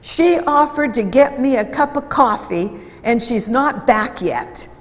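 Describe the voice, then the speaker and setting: A woman's voice: medium pitch, takes it slowly, slight background noise. A woman voicing an angry, defensive male office worker, whiny and raised, with long hall reverb. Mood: petulant.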